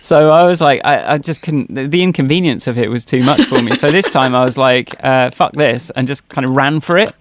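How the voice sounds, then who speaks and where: A man's voice: mid-range voice, a little fast, few pauses, noisy background. A man co-hosting a podcast, telling personal stories in casual chat, rambling with many fillers and restarts. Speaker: podcast co-host.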